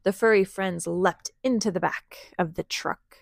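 Woman reading a storybook to kids at home, slow pace, gravelly, dry close sound. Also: lowish voice, no echo. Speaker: parent reading to children.

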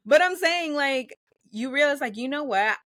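Woman guest, casual interview chat; lively, filler-heavy delivery, close dry mic. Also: sits high, moderate pace, no echo. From United States, first-generation Salvadorian. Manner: animated, chatty, many fillers, acts out quotes.

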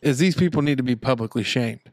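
A podcast co-host tells stories in a loose, emphatic way. His voice sits at an ordinary middle pitch, and the sound is dry and close-miked. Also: fast, no room sound. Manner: storytelling, emphatic. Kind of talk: casual chat.

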